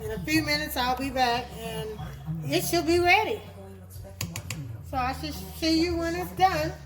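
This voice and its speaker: A woman's voice: high voice, measured pace, rough recording. A woman from Texas, chatting her way through a home cooking demonstration in a kitchen. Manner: chatty, homey, repeats words while explaining. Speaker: cooking vlogger.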